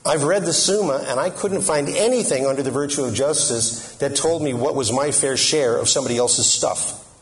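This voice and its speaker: A man's voice: medium pitch, normal speed. A middle-aged man gives a humorous Catholic talk in a conversational tone. His voice sits in an ordinary middle register, and he jokes and throws questions out to the listeners. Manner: joking, conversational, asks the audience questions. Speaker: Catholic speaker.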